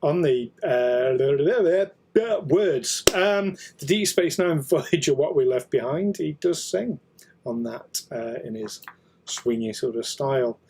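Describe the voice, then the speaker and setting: A man's voice: on the high side, expressive, takes it slowly, darkish tone, a little hiss or hum. A British man co-hosting a casual podcast chat, jokey and laughing often. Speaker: co-host.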